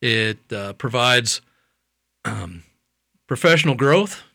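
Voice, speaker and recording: A man speaks as a guest on a radio interview with a dry, deadpan wit. His voice is bright and forward. The sound is close and dry. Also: medium pitch, slow, vocal fry, no room sound. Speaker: dentist guest.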